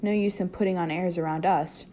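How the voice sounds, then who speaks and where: A careless, oblivious young nobleman, read by a woman. He speaks casually and a little higher and brighter than the narration. It is a storybook reading. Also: fairly even intonation, a little fast, slight background noise, lightly acted.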